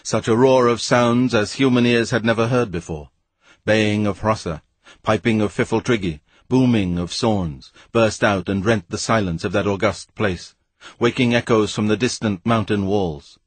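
Low husky guy reading a story aloud, dry close sound, wry and even. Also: moderate pace, dry recording. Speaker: audiobook narrator. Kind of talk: storybook narration.

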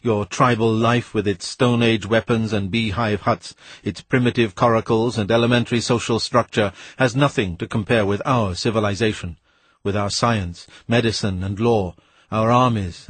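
Casting: a man playing a pompous scientist speech, slightly husky, raised voice. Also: on the low side, no echo. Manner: pompous, declaiming.

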